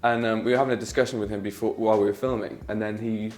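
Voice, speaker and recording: A man with a British accent co-hosting a casual chat in an office, chatty and quick to laugh. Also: on the low side, fairly even intonation, darkish tone. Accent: British English. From Britain. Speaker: co-host.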